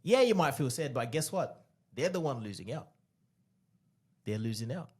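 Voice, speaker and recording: A man co-hosting a podcast, a former dating coach giving animated advice, repeating key phrases for emphasis. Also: medium pitch, moderate pace, slightly rough. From Australia.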